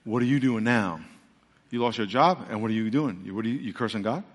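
Animated preacher in a reverberant church. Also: male voice, brisk. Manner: animated storytelling, acting out messengers, then dropping to a low earnest hush. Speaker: pastor. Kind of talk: sermon. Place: large church sanctuary. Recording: church hall with long reverb.

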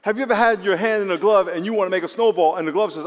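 A male preacher giving a sermon, animated and acting out quoted voices. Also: high voice, quick pace, hardly any pauses. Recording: long reverb of a hall.

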